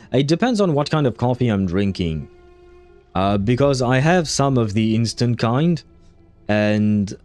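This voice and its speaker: A man's voice: mid-range voice, a little mellow. A man streaming a game, chatting casually in a rambling, filler-heavy way and laughing often. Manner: swears when frustrated. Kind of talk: casual gaming commentary.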